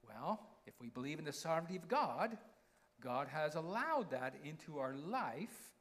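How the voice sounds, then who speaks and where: A man's voice: a little high, sing-song, normal speed. A man preaching a conversational sermon, often checking in with the congregation by name. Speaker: pastor.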